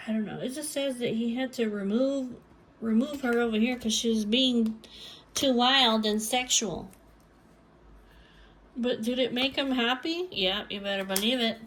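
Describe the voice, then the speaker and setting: A woman's voice: fairly high pitch, fairly bright tone, slight background noise, poor audio. Hesitant woman giving a tarot reading. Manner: halting, searching for words, many restarts; speaks lines as if voicing someone else. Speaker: tarot reader.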